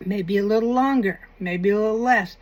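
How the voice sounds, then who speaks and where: A woman's voice: mid-range voice, normal speed. A woman hosting a paranormal channel, talking in a casual, rambling commentary with wry, self-mocking asides.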